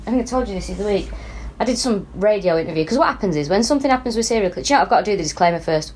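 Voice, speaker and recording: Fast-talking sweary northern English woman. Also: mid-range voice, expressive, darkish tone, a little hiss or hum. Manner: blunt, sweary, quick, laughing. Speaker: podcast co-host. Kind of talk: casual comedic chat.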